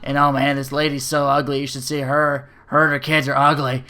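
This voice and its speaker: A man's voice: medium pitch, little pitch movement, fairly quick, bright, forceful tone. A man putting on the voice of a mean, complaining woman griping on the phone. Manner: whiny, griping.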